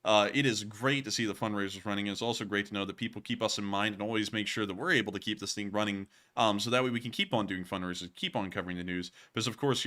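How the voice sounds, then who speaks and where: A man's voice: on the low side, sharp tone. A man hosting a live stream, chatting casually and thanking supporters at length. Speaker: livestream news host. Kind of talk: casual live-stream chat, reading super chats.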